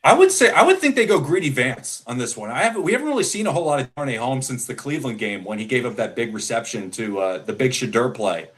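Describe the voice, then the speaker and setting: A man co-hosting a casual football talk show, talkative and animated with frequent fillers. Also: mid-range voice, fast, hardly any pauses. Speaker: sports podcast co-host.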